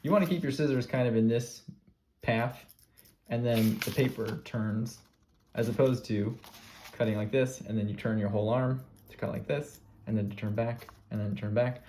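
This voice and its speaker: A man teacher giving a calm, step-by-step classroom craft demonstration, repeating his cues. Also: medium pitch, normal speed, slight background noise.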